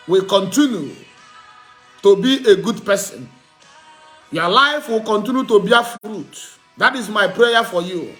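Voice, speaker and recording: A man preaching a sermon, teaching with slow, emphatic repetition and asking the listeners questions he answers himself. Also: high-pitched, pushed and bright. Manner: repetitive call-and-response teaching, asks "what?" and answers; slow, emphatic delivery with drawn-out words.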